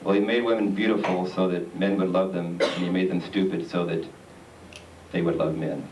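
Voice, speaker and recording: A man's voice: deep voice, little pitch movement, a little mellow, slight background noise. A man doing a stand-up comedy set on stage, rambling along with plenty of hesitant filler. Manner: rambling, halting delivery with many "uh"s. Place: theater stage. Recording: echoey theater recording from far off. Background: audience laughter.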